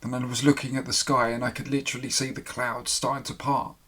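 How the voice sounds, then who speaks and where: Man telling a halting personal account. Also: mid-range voice, little pitch movement, sharp tone, breathy edge. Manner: halting, emotional, with pauses and restarts. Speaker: storyteller recounting his own experience.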